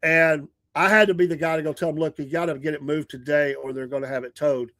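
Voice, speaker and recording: A Southern-accented man in his sixties hosts a casual morning show, talking in an earnest, rambling way full of restarts and small chuckles. His voice sits a little high for a man. The sound is dry and close, with no room around it. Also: fairly even intonation, quick pace, fairly bright tone, no echo. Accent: Southern American. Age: 60s. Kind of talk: casual livestream chat.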